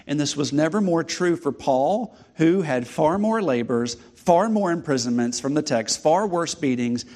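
A man preaching a sermon with a slightly higher than usual voice. He drives his points home with repetition and rhetorical questions, building each point steadily. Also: animated, unhurried, a little mellow. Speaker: pastor.

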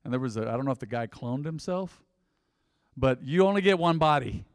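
A man's voice: medium pitch, lively intonation, a little fast, clean tone, long reverb tail. A man in his thirties preaching a casual, conversational sermon to a church congregation, full of rhetorical questions and asides. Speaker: pastor. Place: church sanctuary.

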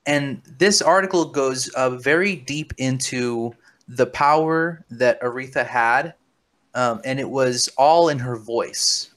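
A man's voice: mid-range voice, slow, fairly bright tone. A man hosting a comedy podcast, speaking with mock seriousness, conspiratorial and stumbling over repeated words. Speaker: podcast host. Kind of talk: comedic deadpan chat.

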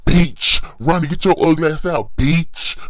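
A man voicing an angry young man who curses as he throws his family out, shouting. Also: fairly high pitch, unhurried, dry recording. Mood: furious. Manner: shouting, cursing.

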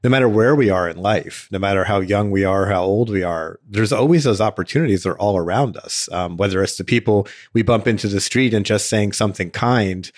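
A man hosting an interview, speaking in a measured, reflective, encouraging way. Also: on the low side, dry recording. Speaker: podcast host. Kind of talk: casual interview talk. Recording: dry close sound.

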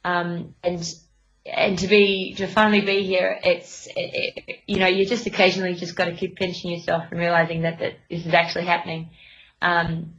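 A woman's voice: on the low side, level tone, a little fast, a bit bright. A young adult woman sailor, interviewed in a casual radio chat, talking hesitantly with many fillers and restarts. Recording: dull lo-fi line.

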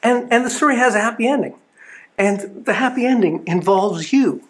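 A man's voice: extremely high pitch, expressive, moderate pace. A man giving an earnest, storytelling sermon at a spiritual living center. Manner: earnest storytelling with small restarts.

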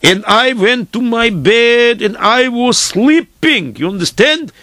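A weary, good-hearted peasant horseman spins his tale in broken English, as a man acts him out. The voice sits high and swings widely, full of drama. It sounds close and dry. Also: expressive, slow pace, bright, forceful tone, no echo, heavily acted. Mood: tired. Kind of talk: theatrical storytelling.

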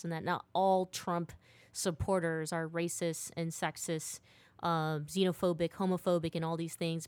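A woman's voice: sits low, no echo. A woman hosting a radio interview who asks probing, pointed questions.

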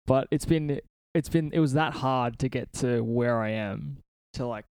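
A man's voice: medium pitch, a little slow, darkish tone, smooth, dry recording, studio quality. A man hosting a casual podcast from a friend's house, rambling through stories with lots of swearing and laughter. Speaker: podcast host.

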